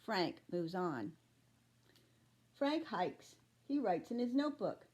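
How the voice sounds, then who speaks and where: A woman teacher reading a children's chapter book aloud, slow and deliberate. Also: fairly low pitch, lively intonation, dark tone.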